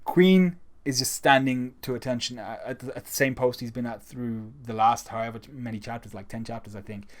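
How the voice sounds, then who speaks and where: A man's voice: mid-range voice, brisk, hardly any pauses. A man giving a casual, enthusiastic spoken review of a comic chapter, talking conversationally. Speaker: manga reviewer.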